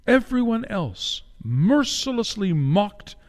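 A pastor delivers a sermon with a dramatic sweep, slowing words for weight and lifting into cries. His voice sits a little high for a man. The sound carries the long reverb of a church hall. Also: big pitch swings. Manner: dramatic, slows for emphasis and rises to cries.

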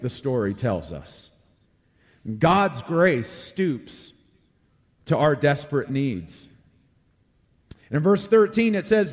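A man's voice: on the high side, very animated, takes it slowly, long pauses, dry recording. Folksy, conversational male preacher. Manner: conversational, repeats words, folksy humor. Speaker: pastor. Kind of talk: sermon.

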